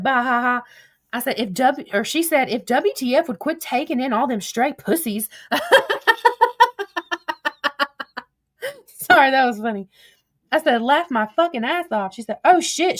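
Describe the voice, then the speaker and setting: A woman talking casually as she reads her text messages aloud. She is chatty and profane, laughs often and wanders off topic. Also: a little high. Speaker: commentator.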